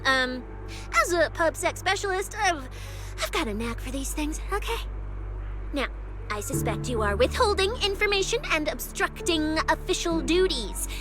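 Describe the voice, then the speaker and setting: Bubbly snack-crazy young agent girl, super high voice, music under it. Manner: playful, teasing, food-obsessed. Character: bubbly greedy young female public security specialist. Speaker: game character. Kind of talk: video game dialogue. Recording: game audio with music behind.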